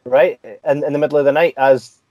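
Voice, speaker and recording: A slightly high-voiced man hosts in easy, eager chat, quick to praise his guest. The sound is dull and a little lo-fi, with a dry, close feel and no room sound. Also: steady tone, no room sound. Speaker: podcast host. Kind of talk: casual chat.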